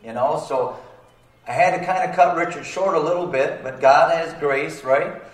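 A man's voice: fairly high pitch, moderate pace. A man preaching a sermon as pastor, talking in plain colloquial speech and asking the congregation for amens. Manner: call-and-response, asking for amens. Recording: roomy sound, distant from the mic.

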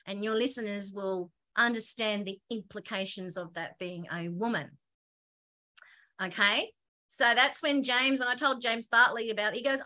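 This is a woman with a bright, forceful voice that sits a little high for a woman. She talks as a guest in an interview, with an excitable, animated delivery. She keeps cutting herself off and starting her sentences again. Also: moderate pace. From Australia. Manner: animated, excitable, breaks off and restarts often. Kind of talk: conversational interview storytelling.

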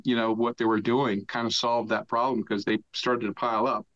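Profane, animated man telling a story. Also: medium pitch, moderate pace, highs cut off. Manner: animated, profane storyteller who acts out shouted quotes. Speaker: podcast guest. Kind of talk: casual storytelling interview.

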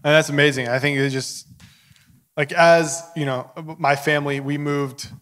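Friendly guy hosting a live chat, slightly high, bright voice, echoey reverb. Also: fairly even intonation, normal speed. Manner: friendly, joking, rambling questions. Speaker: live-stream host. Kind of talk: casual interview chat.

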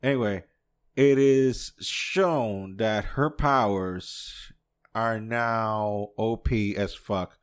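A man's voice: lowish voice, drawn-out words, clean tone. A man from New York hosting a casual solo podcast, reviewing a show in a rambling, profane way and often chuckling to himself. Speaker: podcast host.

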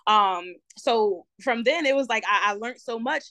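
A woman in her twenties with a New Jersey accent, a guest telling her story in a lively, slangy, talkative way with plenty of ums. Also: a little high, unhurried, no echo. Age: 20s. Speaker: guest entrepreneur. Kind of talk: casual interview.

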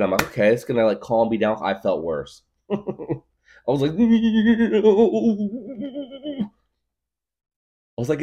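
Deep-voiced rambling comic guy. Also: darkish tone. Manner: rambling, heavy on filler words, jokey exaggeration. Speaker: podcast guest, craft beer guru. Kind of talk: casual comedic monologue.

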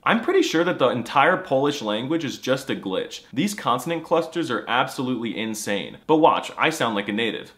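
A man's voice: medium pitch, big pitch swings, a little fast, hardly any pauses, fairly bright tone. A man delivering a scripted comedy monologue in a mock-serious, snarky, exaggerated way. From United States. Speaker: comedy language creator.

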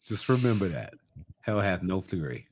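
Laid-back low-voiced podcast man. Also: big pitch swings, normal speed, breathy edge. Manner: laid-back, emphatic, profane. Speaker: podcast co-host. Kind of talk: casual comedic chat.

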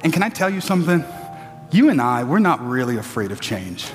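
Male preacher, high voice, climbing to shouted peaks, playful asides, large church, long reverb. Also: sing-song, a little fast, faint music behind. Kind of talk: sermon.

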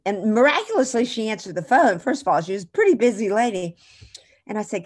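A woman's voice: mid-range voice, very animated, fairly quick. A woman guest in an interview, telling a long story in a chatty, digressive way and correcting herself as she goes.

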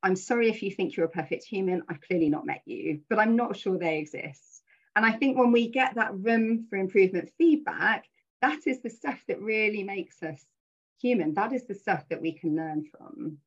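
Middle-aged woman, webinar speaker, husky, lowish, earnest; dull lo-fi call sound. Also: expressive, moderate pace. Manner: earnest, reflective, with frequent fillers. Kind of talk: motivational webinar talk.

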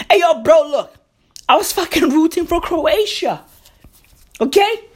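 A woman's voice: extremely high pitch, expressive, a little slow, pauses often. A woman delivering a profane comic rant, emphatic and repetitive, swearing heavily and calling the listener "bro".

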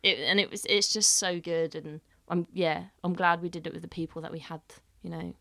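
A woman's voice: lowish voice, fairly quick, vocal fry, no echo. A young adult woman, a head chef, chatting casually and telling stories with acted-out quotes and the odd swear word. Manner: animated storyteller acting out quotes, swears freely. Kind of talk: casual podcast chat.

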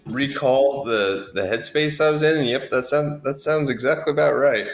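A man's voice: mid-range voice, normal speed, roomy sound. A man co-hosting a comedy podcast, dry and self-deprecating. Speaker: podcast co-host. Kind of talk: casual comedic podcast banter.

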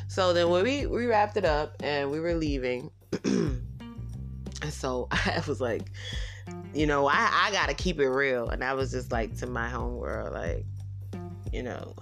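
A woman's voice: extremely low pitch, normal speed, gravelly, over music. A woman hosting her own podcast, telling a story in a casual, profane and sassy way, laughing often and acting out what people said. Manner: animated, laughing often, acting out quotes in other voices; profane, sassy, addresses listeners as y'all. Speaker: podcast host.

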